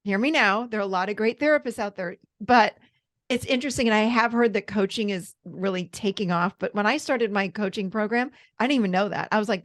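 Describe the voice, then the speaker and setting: A woman's voice: medium pitch, fairly quick. A woman therapist and coach speaking as an interview guest, earnest and enthusiastic. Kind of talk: casual interview chat.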